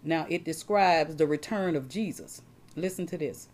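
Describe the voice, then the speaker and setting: A woman's voice: sits low, moderate pace, darkish tone. A woman preaching a sermon, repeating words as she talks and checking in with her congregation.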